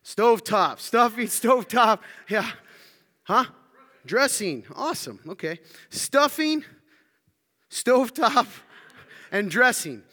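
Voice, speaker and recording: A man's voice: extremely high pitch, expressive, slow pace, long pauses, pushed and bright. A man from the American South, giving an interactive sermon talk, playful and jokey as he quizzes the audience. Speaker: speaker addressing a congregation. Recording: long hall reverb.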